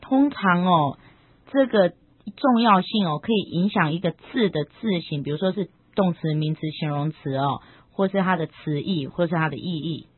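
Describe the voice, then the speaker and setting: Female co-host, chatty explainer with drawn-out phrase endings; husky tone, tinny lo-fi recording. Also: on the low side, no room sound. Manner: chatty, drawn-out sentence-final particles. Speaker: co-host translating the lesson. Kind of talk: explanatory lesson talk. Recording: tinny narrow-band radio sound.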